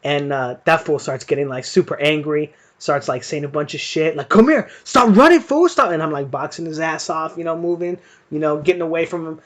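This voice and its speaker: A young man with a slightly high voice tells a long story in a loose, rambling way. He fills his talk with "like" and swears often, keeping it casual. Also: little pitch movement, brisk. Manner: rambling, profane, lots of fillers. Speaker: boxing stream host. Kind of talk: casual storytelling during live fight commentary.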